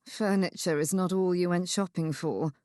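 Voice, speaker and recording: A woman voicing a young Regency gentleman, brooding and wry, with a sarcastic, self-reproaching manner. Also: fairly low pitch, fairly even intonation, normal speed, no echo, clean studio sound, lightly acted.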